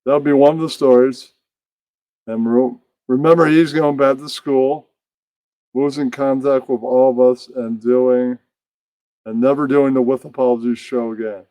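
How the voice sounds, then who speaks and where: A man's voice: medium pitch, dark tone, no echo. A man hosting a puppet show stream, rambling and chuckling to himself as he sets up scenes. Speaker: host.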